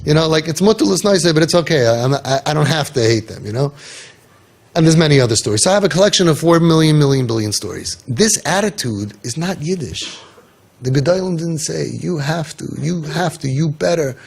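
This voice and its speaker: A man's voice: a little high, expressive, brisk, vocal fry, a little mellow, slightly rough. A man coaching parents in an impassioned talk, telling stories and firing off rhetorical questions with emphasis.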